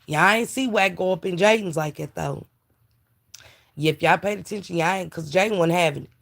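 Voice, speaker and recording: A woman's voice: lowish voice, moderate pace, gravelly, a bit bright. A tired woman hosting a casual live stream, chatting about celebrity gossip and greeting viewers in chat. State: tired, yawning. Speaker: livestream commentator.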